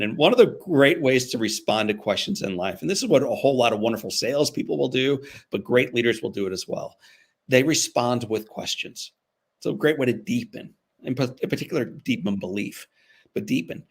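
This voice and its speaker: A man's voice: medium pitch, vocal fry, slightly rough. A man who is a guest motivational speaker, telling a personal story in an interview in an earnest way, repeating phrases for emphasis.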